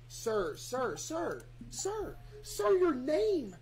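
A man streaming games to a live chat, barking loud commands and then muttering low asides to his viewers. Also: big pitch swings, a little slow, a crowd in the background. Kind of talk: live game-stream chatter.

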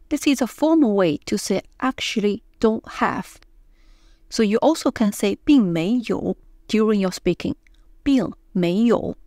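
A woman's voice: mid-range voice, dark tone, no echo. Woman teaching pronunciation, dry close sound. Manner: explains in short phrases, repeating example words slowly. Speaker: Mandarin teacher. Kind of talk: pronunciation lesson.

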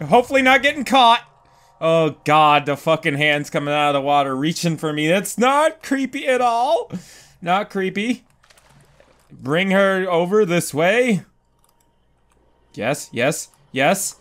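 A young man commentating a video game as he plays, swearing, panicking loudly and laughing at himself. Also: high-pitched. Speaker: gaming commentator. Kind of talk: let's play commentary. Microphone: desk microphone.

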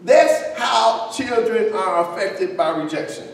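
A man preaches slowly in a high voice, loose and conversational, breaking off to joke with his congregation. The mic sits far back in a big, echoing church hall with a long reverb tail. A faint hiss runs underneath. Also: animated. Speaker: pastor. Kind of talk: sermon.

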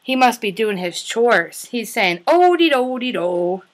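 A woman teacher reading a picture book to toddlers, animated and playful, with animal sounds. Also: medium pitch, unhurried, noisy background. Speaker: preschool teacher.

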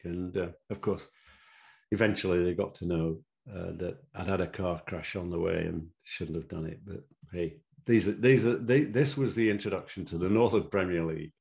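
Brief: man in his 70s, rambling anecdotal guest, low voice. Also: fairly even intonation, moderate pace, creaky, darkish tone. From Sheffield, England. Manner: rambling with fillers, chuckling. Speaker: interview guest, former referee. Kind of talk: anecdotal interview storytelling.

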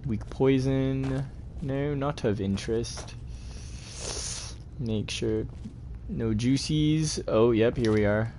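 A man's voice: medium pitch, slow pace, long pauses, warm tone, slight background noise. A young man giving laid-back, chatty gameplay commentary and talking to his viewers. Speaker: gaming host.

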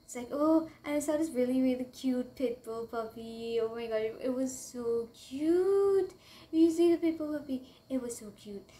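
A young woman from Trinidad with a Trinidadian accent, telling a rambling, excitable storytime to camera and slipping into local dialect. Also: sits high, moderate pace. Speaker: vlogger. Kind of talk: casual storytime chat to camera.

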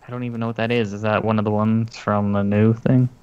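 A man's voice: lowish voice, flat delivery, fast, a little mellow, clear, resonant tone, highs cut off. A man co-hosting a casual podcast about tabletop games, talking in a rambling, hesitant way with many fillers. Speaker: podcast co-host.

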